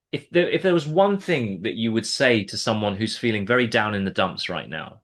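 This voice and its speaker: A man interviewing a candidate, encouraging and often restarting his words as he talks. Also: lowish voice. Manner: warm encouraging, repeats words when starting sentences. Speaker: exam mentor and interviewer. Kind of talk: casual interview chat.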